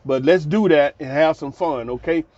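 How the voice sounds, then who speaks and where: A man's voice: fairly high pitch, moderate pace, a little mellow, no echo. Chatty host who laughs as he tells stories, lo-fi dry sound. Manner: laughing, colloquial, repeats phrases. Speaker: channel host. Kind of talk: casual storytelling monologue.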